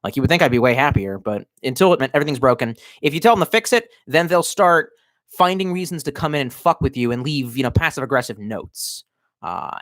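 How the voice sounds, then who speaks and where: A man's voice: medium pitch, a bit bright, no room sound, studio quality. A man in his thirties, a bit drunk, ranting on a livestream from his cramped bedroom in a rambling, profane, sardonic way. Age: 30s. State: tipsy. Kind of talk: casual livestream rant.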